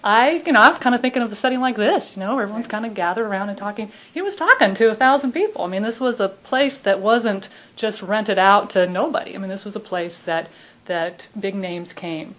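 A woman's voice: medium pitch, fairly quick, fairly bright tone, low-quality recording. A middle-aged woman with a Southern US accent, a minister giving an informal, chatty talk to her congregation. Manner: chatty, laughing, many restarts.

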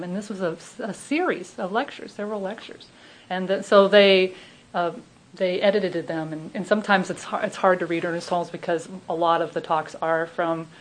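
A woman's voice: mid-range voice, low-quality recording. A middle-aged woman with a Southern US accent, a minister giving an informal, chatty talk to her congregation. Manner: chatty, laughing, many restarts.

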